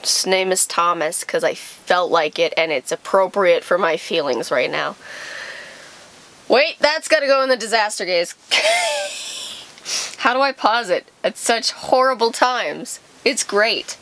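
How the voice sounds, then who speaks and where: Slow, chatty woman reacting. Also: medium pitch, expressive, a bit bright. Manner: chatty, rambling, self-interrupting. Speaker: reaction video creator. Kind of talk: casual reaction commentary.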